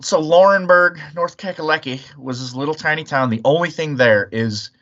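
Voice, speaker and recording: A man's voice: on the high side, normal speed, a bit bright, dull audio. A man from the Chicago area, hosting a casual chat podcast and telling profane, rambling stories. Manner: profane, storytelling. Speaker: podcast host.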